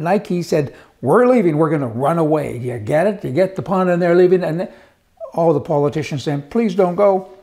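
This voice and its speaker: A man's voice: a little high, dark tone. A middle-aged man doing a casual political commentary monologue, folksy and sarcastic, telling jokes and acting out quotes in mock voices. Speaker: commentary host.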